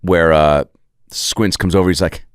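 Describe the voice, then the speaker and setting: A man's voice: low-pitched, unhurried, smooth, no echo. A male comedian hosting a podcast, telling a profane, rambling comic story in a podcast studio. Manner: profane, digressive, animated. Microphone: podcast studio microphone.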